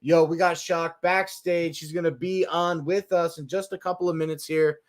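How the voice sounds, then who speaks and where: A man's voice: fairly high pitch, steady tone, normal speed. A man hosting an online music show, bantering in a loose, profane, upbeat way.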